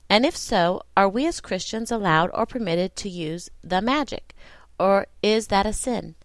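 A woman reads out a listener's question on a Christian teaching show. Her delivery is steady and plain at a middle pitch, and the recording is dry and close. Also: dry recording. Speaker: co-host reading listener questions. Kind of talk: reading a letter aloud.

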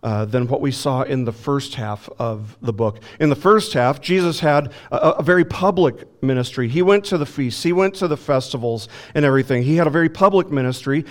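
A man preaching an expository sermon as a pastor, emphatic, slowing down to stress key words and asking the congregation rhetorical questions. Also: medium pitch. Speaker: pastor teaching a Bible lesson.

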